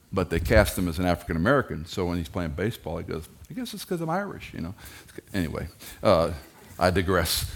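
The sermon comes from a middle-aged pastor who is animated and playful, and his quotes of kids and parents come out in high, teasing imitation voices.

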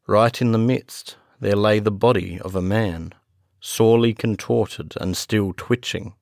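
A man reading a classic gothic story aloud as a narrator, in a slow, measured storytelling manner. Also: on the low side, vocal fry, darkish tone, no room sound, clean studio sound. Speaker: audiobook narrator. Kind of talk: scripted narration.

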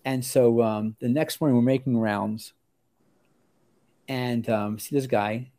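In a relaxed interview, an older osteopathic family physician recalls his training. His mid-range voice is warm and mellow and slow-paced, and he rambles, restarting sentences and acting out quoted voices with gusto.

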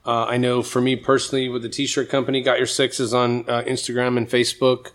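A man's voice: medium pitch, completely flat delivery, brisk, fairly bright tone. A man in a mid-range voice, a guest on a podcast. He talks casually and lightly, with jokes. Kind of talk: casual chat.

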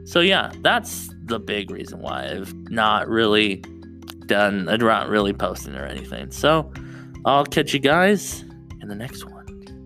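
A man's voice: fairly low pitch, sing-song, unhurried, creaky, pushed and bright, faint music behind. A young man hosting his own podcast, rambling casually and restarting his sentences often, close to the mic. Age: young adult. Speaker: podcast host. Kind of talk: solo podcast chat.

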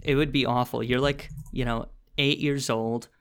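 A man's voice: medium pitch, fairly even intonation, normal speed, clear, resonant tone. Young man podcast co-host, laughing a lot. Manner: laughs often while telling stories. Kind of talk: casual chat.

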